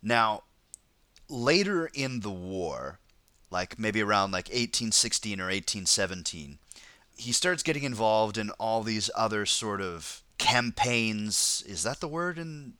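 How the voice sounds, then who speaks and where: A man's voice: lowish voice, animated, measured pace, sharp tone, smooth, no room sound. A man hosting a casual podcast, telling a history story in a rambling way, with lots of fillers and laughter. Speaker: podcast host.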